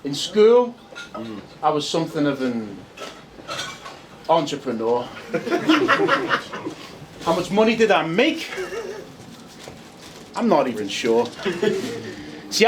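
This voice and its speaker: A man with a Liverpool accent performing as a battle rapper, telling comic stories to roast his opponent. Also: high voice. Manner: storytelling, comic, says "yo" often. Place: live venue with audience. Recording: loud noise, live event.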